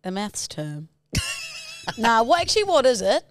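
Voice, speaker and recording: Lively, teasing woman. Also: fairly high pitch, unhurried, dry recording, faint music behind. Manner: teasing, playful banter. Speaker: podcast co-host. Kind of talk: casual chat.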